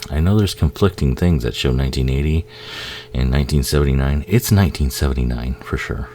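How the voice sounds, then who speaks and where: A man giving a casual, profane movie commentary, laughing often and acting out the characters in quick asides. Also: extremely low pitch, a little mellow, slight background noise.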